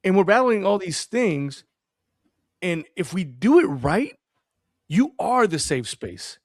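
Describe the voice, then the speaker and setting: A man talking about fatherhood as a podcast guest, in an earnest, animated storytelling way. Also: high-pitched, slow, dry recording, clean studio sound. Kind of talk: casual podcast conversation.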